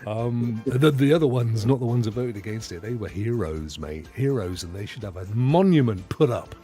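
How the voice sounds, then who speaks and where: A man's voice: normal speed, soft background music. A British man co-hosting a casual gaming podcast, rambling and jokey. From United Kingdom. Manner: rambling, jokey, very lively pitch. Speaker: podcast co-host.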